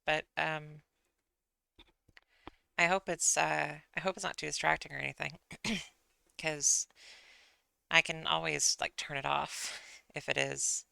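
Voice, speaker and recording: A woman's voice: low-pitched, level tone, takes it slowly, vocal fry, long pauses, bright, forceful tone, smooth, no echo. A woman chatting casually on a livestream, rambling and self-deprecating, often apologizing. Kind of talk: casual rambling stream chat.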